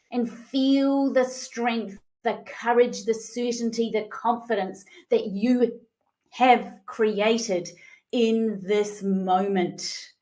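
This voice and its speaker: Slow, soothing New woman coach. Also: fairly high pitch, darkish tone. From New Zealand. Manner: slow, soothing, drops to breathy whispers. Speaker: leadership coach. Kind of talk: guided visualization.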